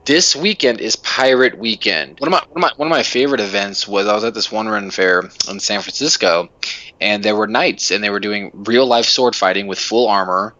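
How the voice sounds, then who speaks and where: A man's voice: fairly low pitch, fairly quick, bright, forceful tone, no echo. A man co-hosting a podcast, ranting passionately in casual chat, rambling with frequent restarts and swearing. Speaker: podcast co-host. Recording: dull lo-fi podcast audio.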